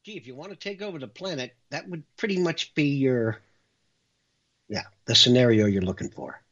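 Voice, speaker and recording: A man's voice: mid-range voice, moderate pace, a bit bright. A man hosting a talk show, delivering an emphatic, dramatic monologue. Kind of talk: impassioned monologue. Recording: dull lo-fi recording.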